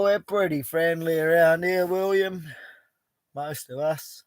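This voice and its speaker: A man's voice: fairly high pitch, steady tone, slow pace, clear, resonant tone, no echo. A middle-aged Australian man hosting a casual live chat from an outback bush camp, talking in a blunt, laid-back way and swearing freely. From Western Australia. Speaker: livestream host.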